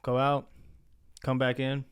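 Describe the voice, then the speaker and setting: A young man with a smooth, clear voice, chatting on a podcast in a loose, casual way. He tells a story and acts out the lines his kids said. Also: mid-range voice, completely flat delivery, slow pace. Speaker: podcast co-host.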